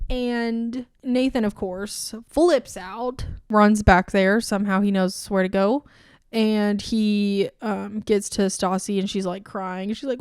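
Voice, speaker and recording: Sarcastic young woman with a smooth voice. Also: mid-range voice, a little mellow, no echo, studio quality. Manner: sarcastic, rambling, swears freely. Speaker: book reviewer. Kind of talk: casual book review vlog.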